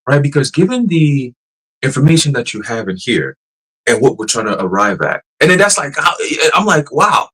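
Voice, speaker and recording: A man teaching a church group in a loose, casual preaching style, animated and profane, laughing often and restarting his sentences. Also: mid-range voice, normal speed, breathy edge, rough recording.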